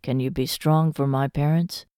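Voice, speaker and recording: A woman reading an audiobook voices a young soldier, speaking softly and slowly to reassure. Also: sits low, steady tone, no echo, studio quality, close to an everyday voice. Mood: tender. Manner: soft, slow, reassuring. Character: gentle young soldier, calm and tender. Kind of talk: audiobook character voice.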